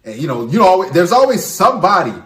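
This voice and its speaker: Brief: a higher-voiced man lecturing to camera, lively and insistent, in an echoey room. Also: fast talker. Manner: emphatic, preachy advice-giving. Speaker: channel host. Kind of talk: opinion monologue to camera.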